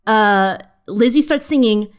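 A woman's voice: mid-range voice, a little slow. A woman podcast guest retelling a film scene in casual chat, a bit self-deprecating.

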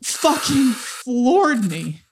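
Woman, podcast co-host, emotional, open, swearing, higher voice. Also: sing-song, very slow, slight background noise. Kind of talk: candid conversation.

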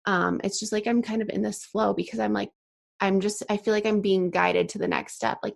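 A woman's voice: mid-range voice, steady tone, a little fast, creaky. A young woman hosting a solo podcast, chatty with many fillers and sighs, a bit out of breath. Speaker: podcast host.

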